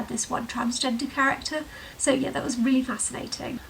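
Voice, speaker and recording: High and bright with vocal fry and a forceful tone, this woman is recorded on a distant mic with slight background noise and poor audio. An English vlogger in a sunlit room at home, she rambles casually to camera with lots of fillers, her accent shifting between Herefordshire, London and Welsh touches.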